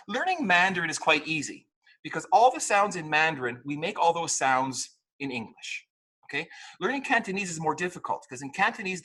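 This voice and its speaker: A husky-voiced man gives a classroom lecture on English pronunciation, his tone bright and edgy. He swings his pitch all over as he teaches, playful and animated. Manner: lively, playful, mimics mistakes and laughs often.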